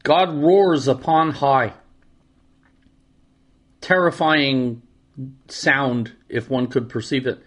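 A man's voice: mid-range voice, extremely slow, long pauses. A man teaching a verse-by-verse scripture lesson, reading Hebrew lines aloud and then translating and explaining them with wry asides. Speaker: Torah teacher.

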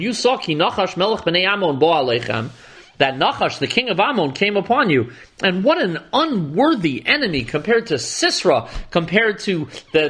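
Animated high-pitched man teaching scripture. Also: breathy edge. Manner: animated, dramatic reading with Hebrew phrases and wry asides. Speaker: Torah teacher. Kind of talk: verse-by-verse scripture lesson.

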